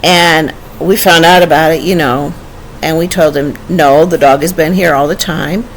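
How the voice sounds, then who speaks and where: A woman's voice: low-pitched, fairly even intonation, moderate pace, slight background noise. An older woman telling a personal memory in a conversational way, often restarting and quoting dialogue. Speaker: storyteller. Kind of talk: personal storytelling.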